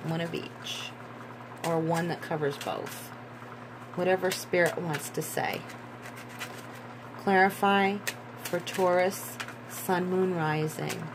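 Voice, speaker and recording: A woman giving a tarot reading in a slow, musing way, repeating herself and breaking into excited bursts. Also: lowish voice, noisy background. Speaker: tarot reader.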